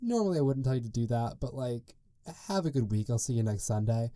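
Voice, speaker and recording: Chatty young man with a dark voice. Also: mid-range voice, lively intonation, fast talker, dry recording, clean studio sound. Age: young adult. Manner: chatty, rambling, lots of "like" and tangents. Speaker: podcast host. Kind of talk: casual solo podcast storytelling.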